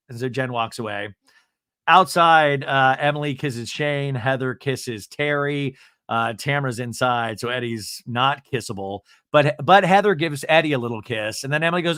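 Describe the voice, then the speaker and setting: Guy doing a casual recap, wry asides, jumps up high for quotes, dry sound, middle pitch. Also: animated, normal speed, a bit bright, no room sound. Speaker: podcast host.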